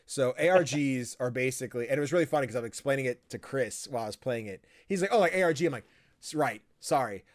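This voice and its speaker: Casual young male podcast host, mid-pitched, dry close sound, acts out quotes. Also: quick pace, no room sound. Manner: animated, quotes himself and others in lively voices. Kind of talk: casual chat.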